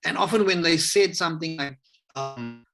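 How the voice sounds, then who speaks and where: A South African man talking in a relaxed, rambling way and acting out the voices of people he quotes, as a guest on a video call interview. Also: on the high side, normal speed, gravelly, soft background music. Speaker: hip hop educator, interview guest. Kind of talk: casual interview conversation.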